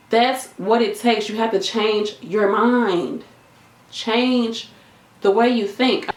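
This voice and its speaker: A woman nurse giving an animated, emphatic motivational talk to camera, chatty and repeating her points. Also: a little high, takes it slowly, soft background music. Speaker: nurse and video creator. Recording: echoey room.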